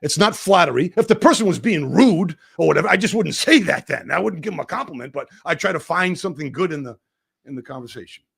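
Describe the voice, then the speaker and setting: A man in his fifties tells stories on a podcast, his slightly high voice leaping up and dropping low as he talks. The delivery is animated and expressive. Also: quick pace, gravelly, breathy edge. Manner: animated storytelling, voice rising and dropping sharply. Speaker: podcast guest. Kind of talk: casual podcast conversation.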